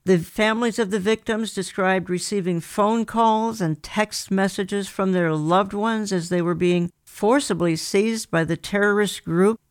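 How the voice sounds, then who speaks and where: An earnest talk-radio host speaking in a measured way, reading news reports aloud and adding commentary. The voice sits at a middle pitch. It is recorded close on a studio mic in a dry room with no echo. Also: clear, resonant tone.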